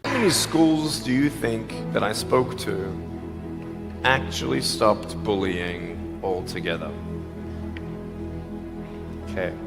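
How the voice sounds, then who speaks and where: A man giving a motivational speech to students, telling stories with humor and swinging between loud and soft. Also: medium pitch. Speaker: motivational speaker. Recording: long hall reverb.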